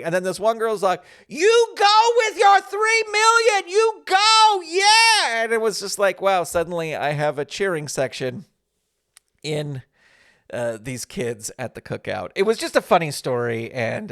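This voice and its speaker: A man hosting a podcast, telling a casual anecdote in an animated way and acting out the other people in it. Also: fairly high pitch. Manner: animated, acts out the voices of others in his anecdotes. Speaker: podcast host. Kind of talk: casual storytelling.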